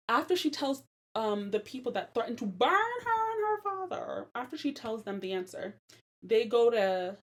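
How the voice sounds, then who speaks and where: Young woman, podcast host, fairly high voice, lively and slangy, laughs a lot. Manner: animated, slangy, laughs often. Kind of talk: casual Bible-story commentary.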